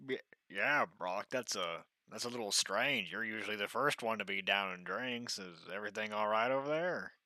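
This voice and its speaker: Low-voiced man role-playing mildly. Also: normal speed, hardly any pauses, pushed and bright, dry recording. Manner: mild, hesitant, laughs often. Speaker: player voicing a skeleton. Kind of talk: casual in-character role-play.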